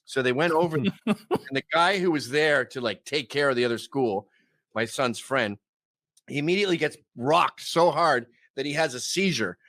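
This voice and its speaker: A man's voice: mid-range voice, normal speed, no echo. A middle-aged man with a Canadian accent, a podcast guest telling stories casually and acting out the people in them. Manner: animated, acts out quoted people in loud put-on voices. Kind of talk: casual storytelling.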